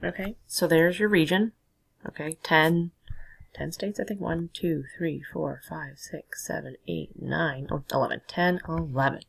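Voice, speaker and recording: A woman's voice: sits low, steady tone, a little slow, vocal fry, husky, poor audio. A woman teacher explaining a lesson patiently, talking as she draws and labels. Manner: patient, explanatory, talks while drawing. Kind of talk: recorded classroom lesson.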